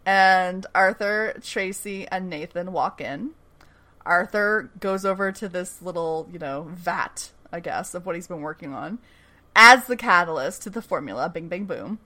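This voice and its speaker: Brief: woman podcast host, casual and animated recap, salty language. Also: on the low side, unhurried. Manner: animated storytelling, swears freely, laughs often. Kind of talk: casual chat.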